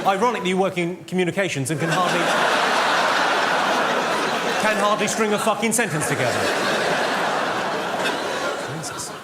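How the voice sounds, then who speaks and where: A man with a high voice delivers crude, deadpan one-liners in a live stand-up set on a theatre stage. He works the crowd through a handheld stage mic. Loud audience noise runs under every line. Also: moderate pace, long pauses. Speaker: stand-up comedian. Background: audience laughter.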